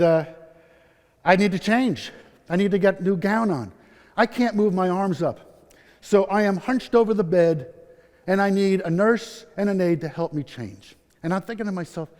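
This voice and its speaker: Man, middle-aged, self-deprecating storyteller, highish voice, conference hall echo. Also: a little mellow. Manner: candid, self-deprecating, quotes people in their voices. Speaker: conference speaker, patient. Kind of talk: personal story told on stage. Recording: long hall reverb.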